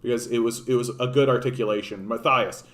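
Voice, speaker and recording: A man's voice: mid-range voice, steady tone, fast, a bit bright. A man hosting a casual political livestream, talking off the cuff, rambling with frequent restarts and swearing. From Canada. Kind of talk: casual unscripted commentary.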